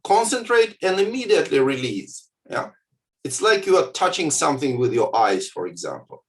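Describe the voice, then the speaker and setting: Animated man with frequent "yeah?" check-ins. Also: a little high. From Soviet Union. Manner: halting, frequent filler words, checks in with "yeah?". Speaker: lecturer on contemplative practice. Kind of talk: lecture with guided exercise.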